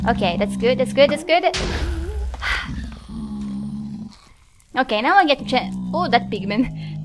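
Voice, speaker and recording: Jumpy young woman narrating gameplay. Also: fairly high pitch. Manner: jumpy, nervous, yelps and laughs at scares. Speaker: Minecraft let's-play host. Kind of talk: gameplay commentary.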